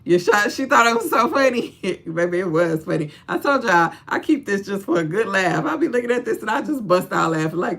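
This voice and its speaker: A woman's voice: medium pitch, brisk, creaky, few pauses. A woman hosting a casual livestream, talking straight to her viewers with lots of laughter and preachy encouragement. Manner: animated, laughs often, talks straight to viewers. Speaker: livestream host.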